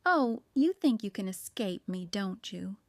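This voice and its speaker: A woman reading an audiobook, voicing a fiery, warm-hearted woman baker who gets exasperated and theatrical. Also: medium pitch, animated, measured pace, no room sound, studio quality. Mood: fierce, playful.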